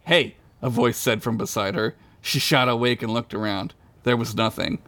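A man's voice: on the low side, fairly even intonation, normal speed, a bit bright. A man hosting and reading an irreverent comic story, often laughing and correcting himself mid-sentence. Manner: laughing, rambling, self-correcting. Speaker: host and storyteller.

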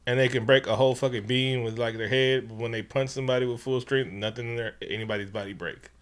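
A man's voice: mid-range voice, steady tone, fast, a bit bright. Man, podcast co-host, casual movie recap, swears a lot, laughs often. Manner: loose, profane, laughing storyteller.

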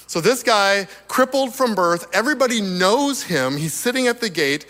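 A man preaching a sermon in an animated way, chuckling between points, his voice slightly hoarse as he loses it. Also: high-pitched, normal speed. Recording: long reverb of a large hall.

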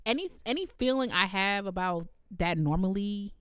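A woman's voice: medium pitch, animated, normal speed, clear, resonant tone, no room sound, studio quality. A woman co-hosting a podcast, giving blunt, exasperated commentary in a casual chat about a novel. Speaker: podcast co-host. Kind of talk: casual book club chat.

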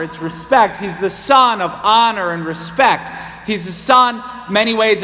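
A man's voice: high voice, bright, forceful tone. A man with a New England accent preaching a homily in a church, speaking conversationally and rising into passionate cries. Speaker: priest. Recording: long church reverb.

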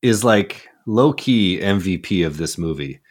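A man's voice: deep voice, lively intonation, measured pace. A man co-hosting a film podcast, talking casually with plenty of "like" and "you know" fillers. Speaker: podcast co-host.

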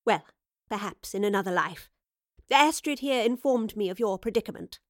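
A woman voicing a gallant, eccentric woman professor with a courtly, brisk manner in an audiobook. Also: medium pitch, animated, no room sound, clean studio sound, natural voice.

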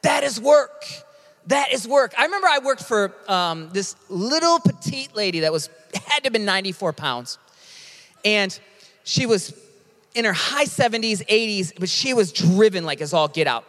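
Man, high voice, pastor, energetic emphatic sermon, long hall reverb. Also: moderate pace. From United States. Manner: emphatic, energetic, casual preaching.

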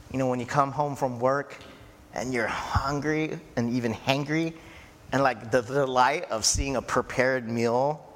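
Slow-talking male preacher in a hall. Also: medium pitch. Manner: slow, conversational preaching with frequent "right?" and "you know". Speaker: pastor. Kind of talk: sermon. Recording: echoey hall with faint ambient noise.

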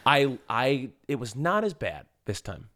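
Animated, swearing podcast co-host man. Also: medium pitch, unhurried, dry recording, studio quality. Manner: animated, swearing, acts out quotes in a raised voice. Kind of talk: casual chat.

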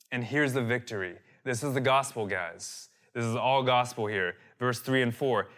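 A man preaching a sermon, animated and direct, reading out scripture and calling his listeners "guys". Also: medium pitch, moderate pace, hardly any pauses. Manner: reads and dramatizes scripture verses. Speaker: pastor.

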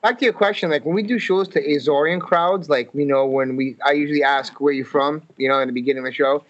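A man from Massachusetts chats about his comedy shows, lively and quick to quote people in his stories. His voice sits a little high. The sound is dull and lo-fi. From Fall River, Massachusetts, US. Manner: animated storytelling with quoted voices. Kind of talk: casual podcast chat.

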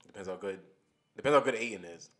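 A man with a fairly low voice talks sports on a podcast in a loose, rambling way. He restarts sentences and works his ideas out aloud as he goes. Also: fast talker, a bit bright. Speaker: podcast co-host. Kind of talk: casual sports talk.

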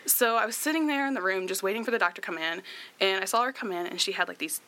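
Bright-voiced young woman telling a story. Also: mid-range voice, quick pace. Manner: chatty, many fillers and laughs. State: tearful at times. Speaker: guest sharing her story. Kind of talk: emotional personal storytelling.

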